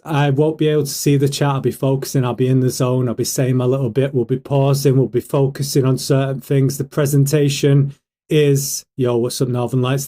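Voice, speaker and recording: A British man hosting a casual livestream, talking fast and hyped and firing questions at his chat. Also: mid-range voice, dark tone. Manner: hyped, rhetorical, keeps asking the chat questions. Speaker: livestream host.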